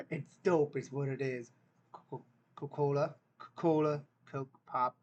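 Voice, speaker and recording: A man's voice: on the high side, sing-song, takes it slowly, muffled recording. A young man, casually reacting to a dialect quiz, joking and incredulous as he thinks aloud. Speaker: vlogger taking an online dialect quiz.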